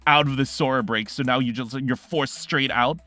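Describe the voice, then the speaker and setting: A man narrating a tabletop game as game master, telling the scene dramatically and often pausing to search for words. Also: mid-range voice, sharp tone.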